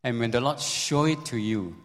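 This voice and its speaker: Pastor, male, mid-pitched voice, animated storyteller with pitch swings; long hall reverb. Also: normal speed. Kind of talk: sermon.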